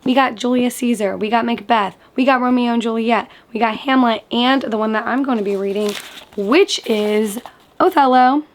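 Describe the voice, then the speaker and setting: A young woman chats about the books she has been reading. She sounds enthusiastic and casual, with many "like" fillers, and her voice sits fairly high. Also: moderate pace. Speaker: book vlogger. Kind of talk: casual book review vlog.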